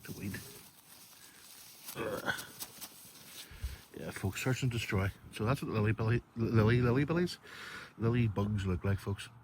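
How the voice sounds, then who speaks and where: A Northern Irish man with a lowish voice gives a chatty garden tour, calling his viewers "folks" as he goes. He talks straight into a handheld phone outdoors, with faint noise in the background. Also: a little slow, long pauses. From Northern Ireland. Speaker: garden vlogger. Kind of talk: casual walk-through garden tour. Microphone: phone camera held while walking.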